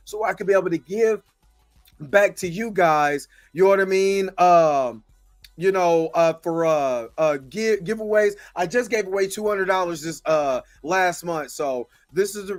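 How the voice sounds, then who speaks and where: A man hosting a livestream, venting with frustration, repeating himself and thanking viewers by name. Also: high-pitched. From United States. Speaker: host. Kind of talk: impassioned livestream commentary.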